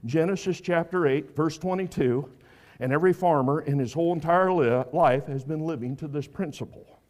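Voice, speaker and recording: Man, high voice, sermon, emphatic then quiet. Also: moderate pace. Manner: preaching with emphatic rises and quiet asides. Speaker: preacher.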